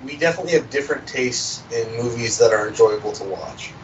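A man co-hosting a movie podcast, speaking in a hesitant, measured way and restarting his words. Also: mid-range voice, lively intonation, distant mic, lo-fi sound, background noise. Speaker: podcast co-host. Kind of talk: casual movie podcast chat.

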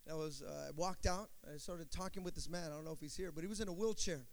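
A middle-aged man preaching a sermon as pastor, calling for amens and stretching out words for emphasis. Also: a little high. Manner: call-and-response preaching, drawn-out emphatic words.

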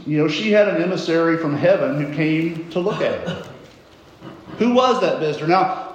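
A man's voice: on the high side, a little mellow, highs cut off. Man preaching in a very echoey room. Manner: rambling, self-correcting storyteller. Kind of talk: sermon storytelling.

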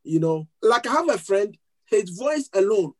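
A man preaching to a congregation. He tells a story in an animated way, often restarting his words and laughing as he goes. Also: high-pitched, normal speed, rough recording. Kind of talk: sermon storytelling.

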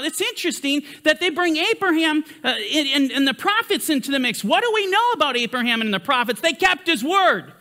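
Male Bible teacher, high and bright, lively emphatic lecture delivery. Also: fairly quick, hardly any pauses. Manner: emphatic, rising and falling, reads scripture aloud.

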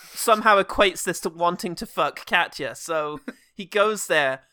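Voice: mid-range voice, animated, measured pace, pushed and bright, no echo, studio quality. A podcast co-host recapping a film with sarcastic, swearing humor. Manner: sarcastic, swears, laughs often, slips into mocking character voices. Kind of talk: comedic film recap chat.

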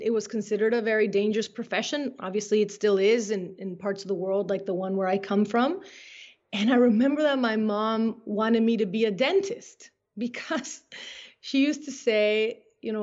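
Woman, fairly high voice, earnest and motivational, dull lo-fi audio. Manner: earnest, motivational, speaks with conviction. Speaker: guest. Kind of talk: conversational podcast interview.

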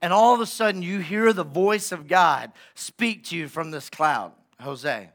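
Emphatic, bright-voiced man preaching. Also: high voice, animated, moderate pace. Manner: conversational, emphatic, checks in with the congregation. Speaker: pastor. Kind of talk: sermon.

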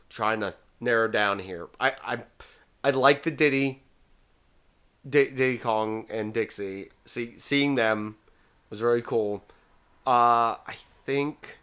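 A male podcast host chatting casually with friends. His voice is bright and clear, and he rambles along, often restarting and repeating his words. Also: medium pitch.

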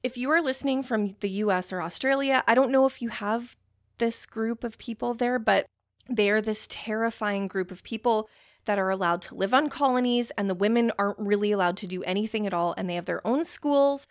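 A young woman hosting a casual book-review podcast, talking in an excitable, rambling way full of "like" fillers and getting easily worked up. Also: fairly high pitch, a little fast, no echo, studio quality. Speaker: podcast host.

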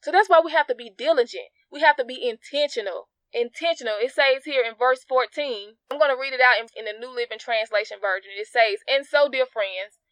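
An earnest woman giving an informal devotional teaching to her listeners, talking to them directly and repeating key phrases for emphasis. Her voice sits a little high. The recording is dry and close, with no room sound. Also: fast, hardly any pauses, a bit bright, no echo. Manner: addresses listeners directly as you guys. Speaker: Bible teacher.

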